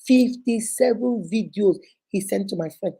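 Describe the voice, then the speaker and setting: A Nigerian woman in her fifties hosting a casual livestream advice talk. She is animated and scolding, and mixes in pidgin and Igbo phrases. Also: mid-range voice, normal speed, husky. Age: 50s. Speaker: host.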